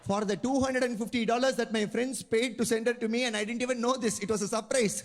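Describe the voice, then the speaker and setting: Fast, high-voiced Indian stand-up comedian. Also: male voice, in a large hall. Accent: Indian English. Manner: animated storytelling, acting out dialogue in voices.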